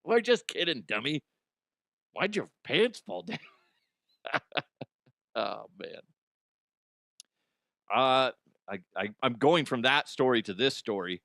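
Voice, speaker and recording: A man's voice: mid-range voice, big pitch swings, slow pace, vocal fry, long pauses, a bit bright, dry recording, clean studio sound. A middle-aged man hosting a comedy news podcast, riffing crudely, laughing at his own jokes and slipping into silly voices. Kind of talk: casual comedic monologue.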